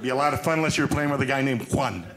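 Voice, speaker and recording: A man performing a stand-up comedy set on a club stage with a punchy, animated delivery, acting out bits of dialogue into a handheld mic over loud audience laughter. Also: medium pitch, racing, very noisy.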